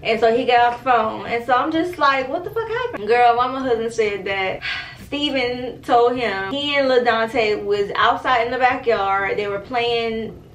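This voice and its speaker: A young woman, telling a story to her viewers in an animated, profane, casual way. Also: fairly high pitch, measured pace, reverberant, rough recording. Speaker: storytime vlogger.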